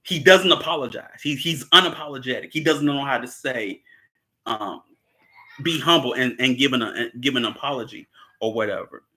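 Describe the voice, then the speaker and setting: A man's voice: mid-range voice, moderate pace, pushed and bright. A man in casual chat recapping a film, rambling and chuckling often as he acts out the characters' lines. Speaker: movie discussion participant.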